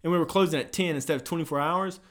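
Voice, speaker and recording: A young man chatting casually about his job at a gym desk. His voice sits a little high for a man, and he swears freely while acting out both sides of phone calls. It sounds like relaxed, animated storytelling among friends. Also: rapid-fire. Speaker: gym front desk worker.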